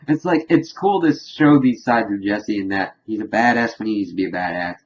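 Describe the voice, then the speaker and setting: A man giving a casual, rambling spoiler recap of a TV episode, animated and chuckling as he retells scenes. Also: on the low side, a little fast, lo-fi sound, a little hiss or hum. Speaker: TV episode reviewer.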